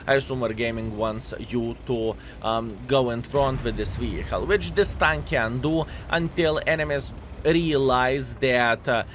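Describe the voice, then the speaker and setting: A man's voice: medium pitch, unhurried, slight background noise. Sarcastic male gameplay commentator. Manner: sarcastic, repeats phrases, many fillers. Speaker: game commentator.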